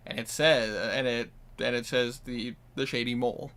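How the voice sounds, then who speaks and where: Minnesotan game master narrating casually. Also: male voice, medium pitch, fairly even intonation, normal speed, fairly bright tone. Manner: rambling, casual descriptions with many fillers. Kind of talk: narrating a tabletop game over voice chat.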